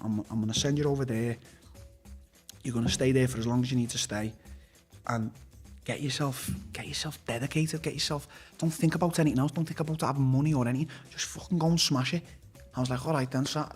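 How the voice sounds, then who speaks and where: A man with a Liverpool accent, a fighter and podcast guest, telling his story bluntly, swearing constantly and restarting sentences. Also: mid-range voice. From Liverpool, England. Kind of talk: candid personal storytelling.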